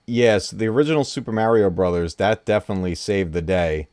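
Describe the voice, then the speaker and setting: A man chatting on a livestream in a lively way, laughing often. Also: fairly low pitch, fairly quick. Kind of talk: casual livestream chat.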